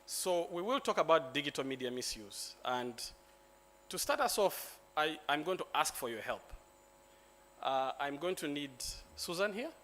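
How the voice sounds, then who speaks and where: A Ugandan man, a lawyer, giving a joking, relaxed talk at a conference. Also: fairly high pitch, normal speed, a little hiss or hum. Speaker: lawyer and speaker. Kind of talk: symposium presentation. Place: conference hall.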